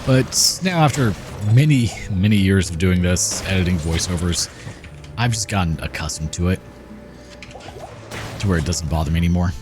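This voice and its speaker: A man hosting a gaming channel, chatting in a relaxed, rambling way as he comments over gameplay. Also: low-pitched, moderate pace. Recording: game music playing behind. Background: game music.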